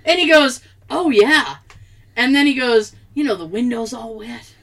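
A woman's voice: a little high, moderate pace, slight background noise. A young woman co-hosting a casual podcast, telling a story with lots of laughter and acted-out quotes. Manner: lively storyteller, laughs often, acts out quotes. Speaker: podcast co-host. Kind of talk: casual chat.

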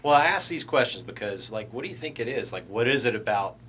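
A man's voice: mid-range voice, expressive, quick pace, a bit bright, a little hiss or hum. A man hosting a casual podcast chat with his band, leading the talk and laughing often. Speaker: podcast host, band member.

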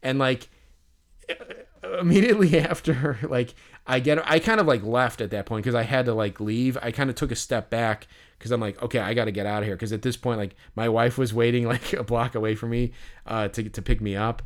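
A man with a smooth, resonant voice at an ordinary middle pitch. He co-hosts a podcast and tells stories in a loose, animated way. He rambles, piles up "like" and "you know", and swears casually. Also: normal speed. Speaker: podcast co-host. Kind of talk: casual storytelling chat.

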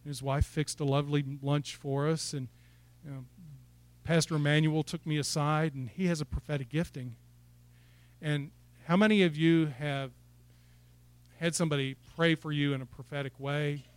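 A man's voice: fairly high pitch, steady tone, moderate pace, clear, resonant tone. A man preaching a sermon in church, building to fired-up exhortation and asking the congregation questions. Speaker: pastor.

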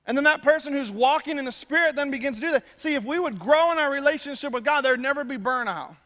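High-pitched male pastor preaching, chatty and animated, big echoey church hall. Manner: conversational, animated preaching with quick asides. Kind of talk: sermon. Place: church sanctuary.

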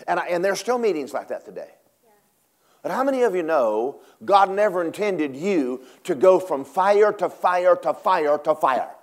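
A man preaching a sermon in a church, dramatic, swinging from shouts down to hushed whispers. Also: high voice, big pitch swings, moderate pace. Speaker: pastor.

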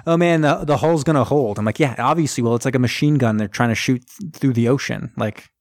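A man's voice: medium pitch, fast, a little mellow, no echo, clean studio sound. A man casually retelling a movie plot for laughs, jumping into quoted voices of the characters as he goes. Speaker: podcast co-host. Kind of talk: casual movie recap chat.

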